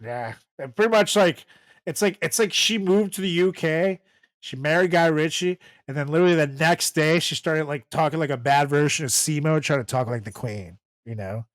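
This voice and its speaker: A man's voice: fairly high pitch, normal speed, no echo. A man in his thirties co-hosting a comedy podcast, riffing in a profane, laughing, casual way. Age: 30s. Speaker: podcast co-host.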